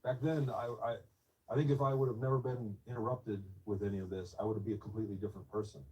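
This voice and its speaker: A man in his fifties telling a personal story in an interview, soft, reflective and a little hesitant. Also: on the low side, fairly even intonation, fast talker, recorded from a distance, low-quality recording.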